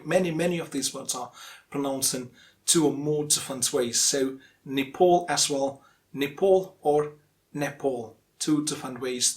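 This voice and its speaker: A young man from India teaching English pronunciation, explaining patiently and repeating each word slowly several times. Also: on the high side. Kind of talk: instructional explanation.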